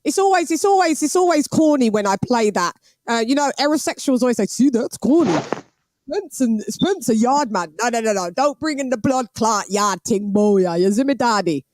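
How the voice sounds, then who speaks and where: A woman hosting a boxing livestream, chatting casually with patois slang and lively banter. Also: fairly high pitch, a little fast, no room sound.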